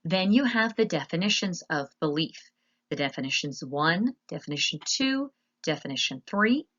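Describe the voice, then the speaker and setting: A woman teacher narrating a slide lesson, explaining patiently and spelling words out slowly. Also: sits low, lively intonation, fairly bright tone, dull audio.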